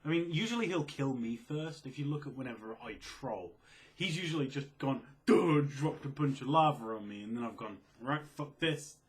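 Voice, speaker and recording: Young male video creator, soft-spoken and sleepy-sounding, casual Q&A, mid-range voice. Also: animated, brisk. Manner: quiet, low-key, self-described mellow and sleepy. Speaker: video creator answering viewer questions. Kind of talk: casual Q&A chat.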